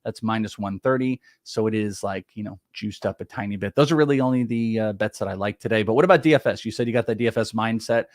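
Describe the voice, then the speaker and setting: A man's voice: fairly low pitch, fast talker, few pauses, dry recording, clean studio sound. A man in his thirties hosting a live fantasy baseball show, chatting casually about his bets, tired after a late night and laughing often. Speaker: podcast host. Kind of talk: casual sports betting chat.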